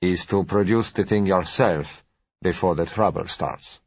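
A man voicing a polite, suave foreign oil dealer who speaks gently and unhurriedly. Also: low voice, a little slow, husky, dry recording, highs cut off, exaggerated voice.

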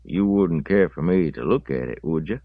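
A man voicing a contemplative, slightly drunk rural man with a Southern accent who speaks in a slow, wry drawl. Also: low-pitched, expressive, no room sound, phone-quality sound, pitched above the performer's own voice.

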